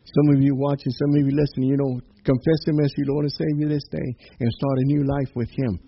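A man's voice: medium pitch, level tone, fast talker, breathy edge. Muffled preacher man, amen after every thought. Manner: punctuates phrases with "amen" and "hallelujah"; repeats and restarts words as he preaches. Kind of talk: sermon. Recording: dull muffled recording with faint noise.

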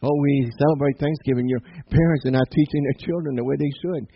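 A man's voice: mid-range voice, fairly even intonation, fast, lo-fi sound, a little hiss or hum. A man preaching a sermon in a church, emphatic and punctuated with frequent amens. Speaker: pastor. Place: church sanctuary.

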